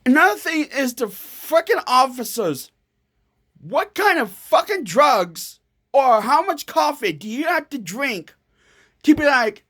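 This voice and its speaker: A woman's voice: high-pitched, very animated, a bit bright. A woman ranting angrily to camera in a vlog, swearing often and stumbling over restarts. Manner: angry, profane, halting with restarts. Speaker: vlogger.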